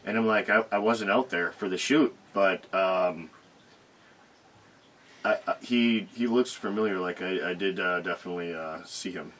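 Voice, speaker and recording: Low-pitched guy co-hosting, laid back and teasing, dry humor. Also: moderate pace, a bit bright. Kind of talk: casual chat.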